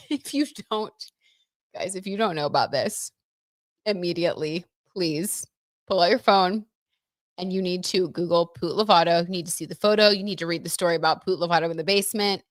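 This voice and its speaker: A woman's voice: fairly low pitch, fairly quick, no echo, clean studio sound. A young woman hosting a casual livestream, chatting about tarot and celebrity gossip with lots of "like" and "you know.".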